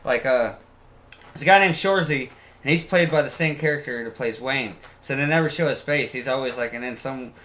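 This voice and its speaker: A man's voice: medium pitch, fairly bright tone. A man who has been drinking chatting casually, rambling and swearing, stopping and restarting often. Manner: rambling, profane, halting with fillers. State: tipsy from beer. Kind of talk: casual chat.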